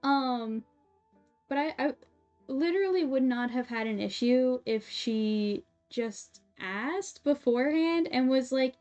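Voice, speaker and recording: A high-voiced woman tells a story to her livestream chat in a casual, animated way, full of fillers and little laughs. Her voice sounds slightly dull, and faint music plays behind. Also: slow. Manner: animated, filler-heavy, giggly. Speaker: livestream host.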